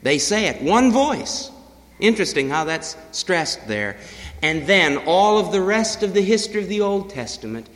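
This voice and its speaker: Slow, dramatic male preacher in a reverberant hall. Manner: slow, dramatic swings between loud declarations and hushed low tones. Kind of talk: sermon.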